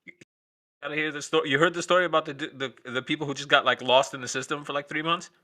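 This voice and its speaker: A man's voice: a little high, steady tone, quick pace, pushed and bright. A man hosting a late-night stream, ranting in a profane, sarcastic, rambling way. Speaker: stream host. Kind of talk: casual ranting chat.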